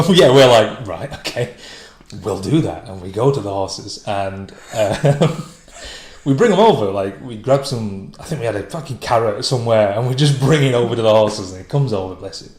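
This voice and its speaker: A man's voice: mid-range voice, lively intonation, normal speed, darkish tone. A man, a stand-up comedian, telling a rambling, sweary anecdote with frequent laughter. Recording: echoey room.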